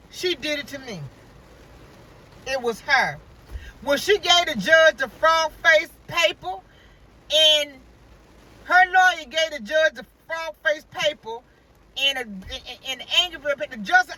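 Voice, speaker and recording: Animated woman ranting, bright and distant. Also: high-pitched. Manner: animated, acts out quoted dialogue, religious exclamations. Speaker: vlogger. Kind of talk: casual storytime rant. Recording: voice from far off the mic.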